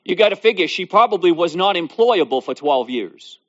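Lively-pitched man preaching a sermon. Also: moderate pace. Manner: reads scripture then expounds with repetition and rising emphasis. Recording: dull lo-fi recording.

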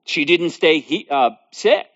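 A man delivers a sermon in a slightly high, animated voice that swoops up and down. He reads scripture, then repeats key lines with growing emphasis. The recording is dull and lo-fi. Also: unhurried. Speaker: preacher.

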